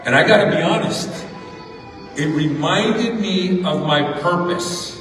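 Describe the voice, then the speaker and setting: Man, middle-aged, motivational graduation speech, slightly high voice, very echoey hall, heard from a distance. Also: takes it slowly, music in the background. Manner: storytelling, repeats words for emphasis. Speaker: graduation speaker. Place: large hall at a ceremony.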